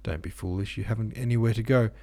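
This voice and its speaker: A man's voice: on the low side, quick pace, darkish tone, lightly acted. Man reading a curt, weary young man. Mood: cold. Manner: curt, restrained.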